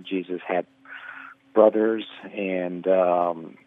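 A man calls in over a tinny phone line, speaking slowly and haltingly with many fillers. His voice is low and dry. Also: fairly even intonation, no echo. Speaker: caller. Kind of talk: phone-in question.

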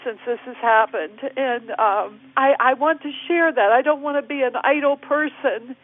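A woman's voice: sits high, moderate pace. A woman in her sixties calling a radio show, speaking hesitantly and from the heart. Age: 60s. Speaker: caller. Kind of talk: call-in conversation. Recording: tinny phone line.

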